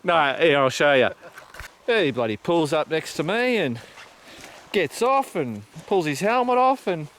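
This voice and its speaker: A man's voice: fairly high pitch, sing-song, a little slow. A middle-aged man with an Australian accent, a motorcycle vlogger telling a rambling story outdoors, swearing freely and padding his talk with fillers. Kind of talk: casual storytelling to camera. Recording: loud outdoor wind and traffic noise.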